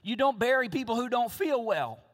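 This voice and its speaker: A pastor with a very high voice and lively intonation delivers a sermon at a moderate pace. His pulpit preaching is emphatic and full of repeated key phrases, echoing with the long reverb of a big hall.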